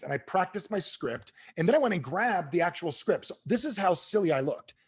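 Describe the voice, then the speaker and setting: A middle-aged man giving a motivational sales talk to an audience, telling stories quickly and with animation. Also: sits high, husky. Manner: fast-talking, animated storyteller. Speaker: sales trainer and speaker.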